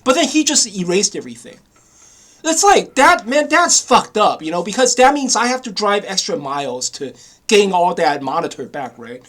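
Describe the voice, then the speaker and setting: A man's voice: high voice, big pitch swings, normal speed, a bit bright. A man ranting angrily in a casual monologue, swearing often and repeating himself with frequent "you know?" asides. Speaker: vlogger.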